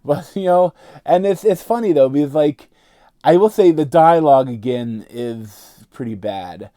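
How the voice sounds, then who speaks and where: A man's voice: fairly high pitch, animated, unhurried, mellow, no room sound, clean studio sound. A man giving a casual, rambling movie review, full of filler words and restarts.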